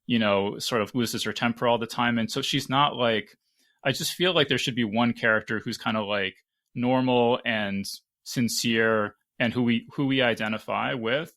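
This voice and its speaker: Gravelly, bright-voiced male podcast host. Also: medium pitch, normal speed. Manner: thinking aloud with frequent restarts. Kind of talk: casual panel discussion.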